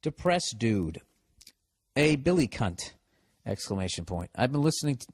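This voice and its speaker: A man's voice: medium pitch, sing-song, normal speed, long pauses, breathy edge, dry recording. A man with a Boston accent hosting a comedy podcast, reading a listener's letter aloud and mocking it in a sarcastic, profane rant. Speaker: podcast host.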